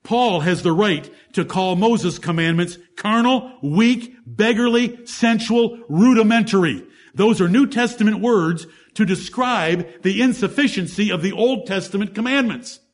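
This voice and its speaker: A man's voice: high voice, moderate pace, hardly any pauses. A man preaching a sermon, teaching through Bible verses one by one in an emphatic way and asking the congregation rhetorical questions.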